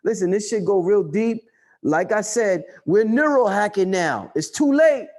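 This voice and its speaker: Man, high-pitched, emphatic, profane, livestream rant. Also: expressive, a little slow. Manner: loud, emphatic, profane preaching; reads and answers viewer chat. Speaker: livestream host.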